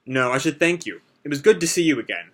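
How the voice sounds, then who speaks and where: A man reading the lines of a serious, observant young man in a manga, low and measured. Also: expressive. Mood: concerned.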